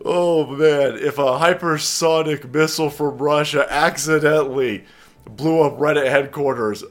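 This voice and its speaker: A male vlogger delivers a crude, sarcastic rant in a mid-pitched voice. He swears often and jeers at his targets. Faint music plays behind him. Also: expressive, moderate pace. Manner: profane, sarcastic, ranting. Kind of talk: ranting commentary vlog.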